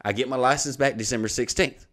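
A man's voice: medium pitch, fast talker. A man, hosting a comedy podcast and telling a long story, swearing freely and acting out the other people in it. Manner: profane, animated storytelling with acted-out voices. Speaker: comedian host.

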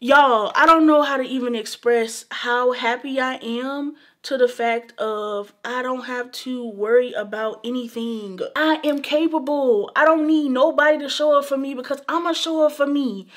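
A woman's voice: high-pitched, moderate pace, few pauses, fairly bright tone. A young woman talking earnestly to camera in a vlog, emphatic and repetitive, calling her viewers baby and y'all. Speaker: beauty vlogger. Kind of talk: casual heartfelt talk to camera.

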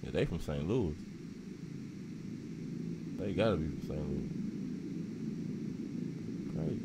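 A man hosting a reaction video, talking in a casual, excitable way full of slang and constant "bro". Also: rumbling low, slow, background noise.

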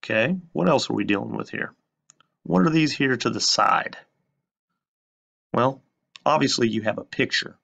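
A male teacher giving a recorded lesson, who asks questions and then answers them himself with slow emphasis. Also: mid-range voice, animated, vocal fry, fairly bright tone.

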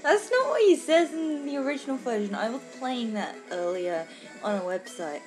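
A woman's voice: fairly high pitch, animated, normal speed, darkish tone, soft background music. A woman doing casual let's-play commentary, rambling and giggly, with lots of fillers and casual swearing.

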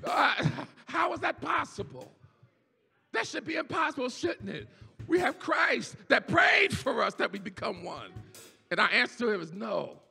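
A pastor preaching a sermon in a church, shouting and half-singing his peaks, then dropping low for quiet asides. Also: sing-song, moderate pace, vocal fry, slightly rough. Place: church sanctuary. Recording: church hall reverb with faint organ music.

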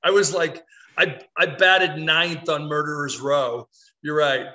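A middle-aged man hosting a casual sports talk podcast, animated and rambling, poking fun at himself. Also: a little high, a little slow, muffled recording. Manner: animated, rambling, self-mocking. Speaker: podcast host.

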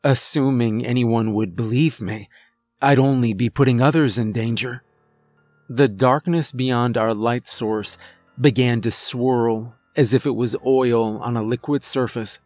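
A man narrates a first-person horror story in a measured, suspenseful voice of middling pitch. The recording is dry and close. Faint music plays underneath. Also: fairly even intonation, a little mellow, no echo.

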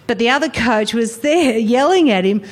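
A middle-aged Australian woman, a guest on a chat show, telling comic stories about coaching junior football in a lively, wry way and laughing often. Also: on the high side, moderate pace. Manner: animated storyteller, wry, laughs often, acts out voices. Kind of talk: casual chat, comic anecdotes.

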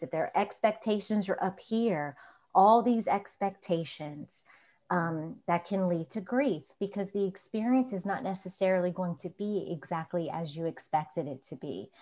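A woman therapist on a talk show, calm and measured as she explains. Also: fairly low pitch. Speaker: guest therapist. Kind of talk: conversational expert talk.

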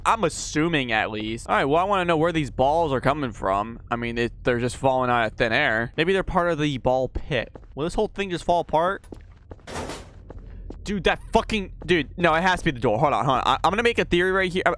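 Young male gaming creator, animated and profane; plays horror while talking to himself, startles easily. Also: a little high. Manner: profane, jumpy, talks to himself while playing. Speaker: gaming YouTuber. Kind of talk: horror game commentary.

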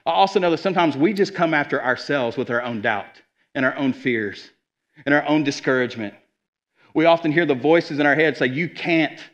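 A man preaching a sermon as a guest speaker, with energetic, conversational delivery and quick asides. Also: on the high side, dull audio. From Arkansas. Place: church sanctuary.

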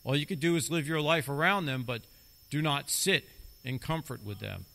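A middle-aged man delivering a church sermon with a bright, forceful voice. He leans into his points and repeats key lines to drive them home. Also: fairly high pitch, normal speed, gravelly. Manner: emphatic, repeats key phrases for stress. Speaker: lay preacher.

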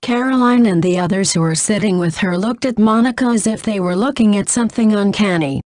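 Woman, novel narration, flat reading, mid pitch, dry. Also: a little fast, dry recording. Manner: flat, reads punctuation aloud.

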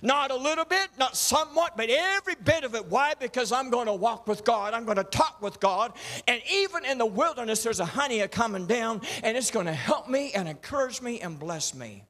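A man's voice: very high voice, expressive, fairly quick, bright, forceful tone. A male pastor, preaching a folksy sermon with rhythmic repeated refrains.

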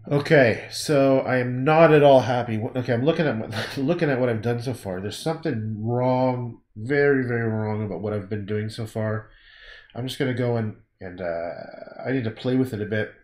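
A man's voice: medium pitch, moderate pace, a little mellow, echoey room. Rambling man muttering while he paints. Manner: rambling, muttering to himself, self-interrupting. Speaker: painter livestreaming his work. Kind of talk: casual thinking aloud while painting.

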